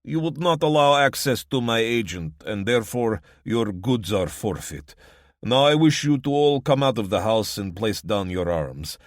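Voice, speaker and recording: A man's voice: lowish voice, lively intonation, normal speed, dry recording, clean studio sound, voice pushed up, lightly acted. A man voicing a cold, commanding male warlord with a thick Eastern European accent, giving formal, threatening orders.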